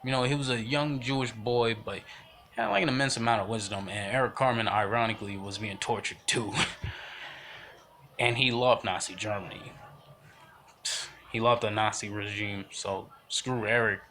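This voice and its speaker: A man's voice: fairly low pitch, normal speed, sharp tone, slight background noise. A young man giving rambling, emphatic spoken commentary with many fillers and restarts. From United States.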